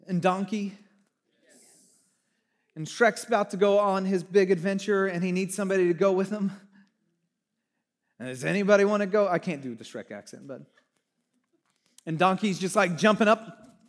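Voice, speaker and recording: A man preaching a sermon as pastor, animated, swinging from hushed lines to near shouting. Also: high voice, normal speed, long pauses.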